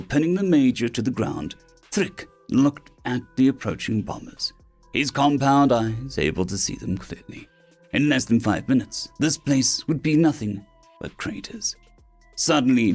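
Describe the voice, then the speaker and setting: A man narrating science fiction stories as an audiobook reader, animated and putting on voices for the characters. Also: medium pitch. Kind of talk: scripted narration of sci-fi stories.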